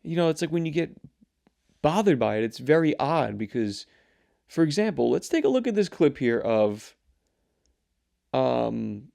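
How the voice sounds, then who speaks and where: A young man hosting his own show, rambling and swearing in a casual, animated rant. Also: on the high side, a little slow, creaky, long pauses. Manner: rambling, profane, animated ranting. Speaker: show host. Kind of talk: casual solo commentary.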